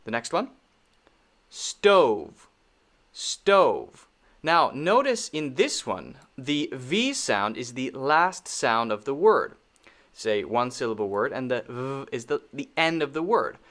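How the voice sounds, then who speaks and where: Male pronunciation teacher, slow and deliberate, mid-pitched, patient, repeats every word. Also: sing-song, a bit bright. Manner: patient, repeats words many times for learners.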